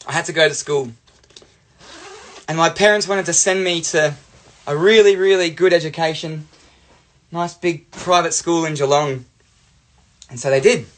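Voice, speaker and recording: A young Australian man, a life coach, telling a playful childhood story in an animated way. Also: fairly high pitch. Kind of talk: storytelling monologue.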